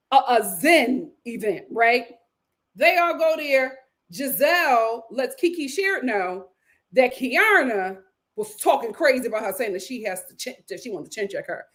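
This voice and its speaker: Animated woman doing a chatty TV recap. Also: fairly high pitch. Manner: animated, acts out cast members' lines with big vocal swings. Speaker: reality TV recap host. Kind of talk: casual recap commentary.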